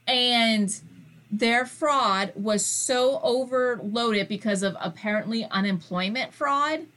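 Woman co-host: somewhat high, bright voice, casual and chatty, tells her own story with exasperation. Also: takes it slowly.

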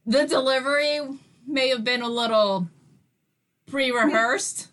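Woman co-host: somewhat high, bright voice, casual and chatty, tells her own story with exasperation. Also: a little slow.

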